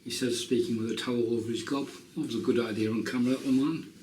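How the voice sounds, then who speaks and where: A man's voice: medium pitch, steady tone, fast talker, darkish tone, distant mic. Middle-aged man, chatty self-mocking shaving vlogger, roomy bathroom sound, a bit off mic. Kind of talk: casual chat while shaving. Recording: roomy, off-mic, faint noise.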